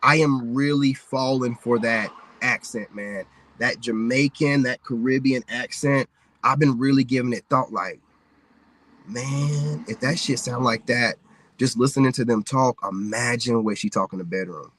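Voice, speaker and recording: A man's voice: medium pitch, a little slow, fairly bright tone, a little hiss or hum. An American man ranting candidly on a livestream, rambling and peppering his talk with "man" and "you know what I'm saying.". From United States. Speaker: livestreaming content creator. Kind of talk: casual livestream rant.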